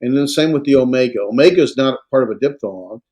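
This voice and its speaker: A man lecturing on Greek to a class, halting and full of fillers and self-corrections. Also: medium pitch, darkish tone. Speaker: Greek instructor.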